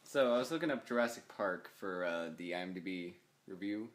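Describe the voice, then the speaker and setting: Low-voiced young man, dry and hesitant. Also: animated, a little fast, reverberant. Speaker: podcast co-host. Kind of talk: casual chat.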